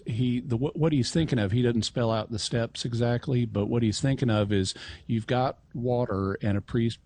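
A man answering questions as a radio show's regular expert, measured and precise with a dry wit. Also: fairly low pitch, darkish tone. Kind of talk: explanatory talk-show answers.

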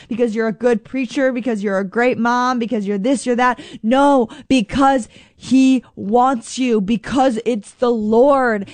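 A woman's voice: on the high side, dry recording. A woman preaching a sermon in an earnest, emphatic way, repeating phrases for stress and reading scripture aloud.

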